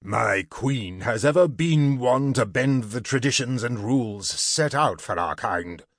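A man voicing a great black male dragon king in a storybook reading, speaking in a booming, authoritative way. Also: moderate pace, husky, no echo, studio quality. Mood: stern.

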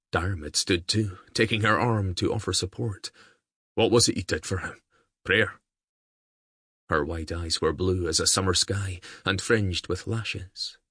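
Male audiobook narrator, deep husky voice, calm even delivery, dry close recording. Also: dry recording.

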